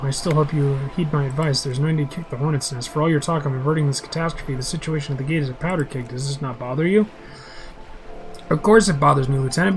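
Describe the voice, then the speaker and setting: A man's voice: a little high, poor audio. A man reading a role-playing game's dialogue aloud in a plain voice, with small slips and restarts. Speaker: game describer.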